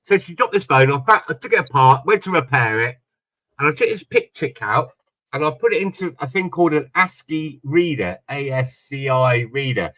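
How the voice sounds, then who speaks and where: A man's voice: medium pitch, animated, normal speed, bright, forceful tone, no room sound, rough recording. A man telling a long story in casual chat on a panel, rambling and repeating his words. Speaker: panel guest.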